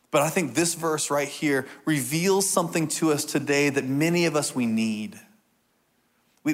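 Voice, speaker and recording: A man preaching a sermon as a pastor, earnest, slowing down and dropping to a soft voice to repeat key lines. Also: fairly high pitch. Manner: earnest, with slow emphatic repetitions and soft drops for key lines.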